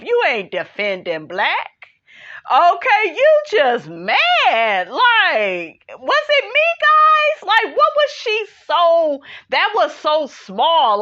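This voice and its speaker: A high, lively woman, recapping a reality show with lots of sass and a "honey" every other line. Her voice is bright and sharp, with big swings in pitch, and the recording sounds a little dull and lo-fi. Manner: sassy, animated, says "honey" constantly. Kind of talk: casual episode recap.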